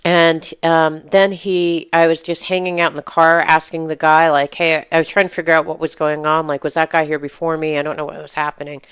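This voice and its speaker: A woman's voice: sits low, little pitch movement, a little fast, few pauses, a bit bright, clean tone, no echo, studio quality. A woman co-hosting a podcast, telling a story in casual chat and laughing as she acts out the quotes. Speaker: podcast co-host.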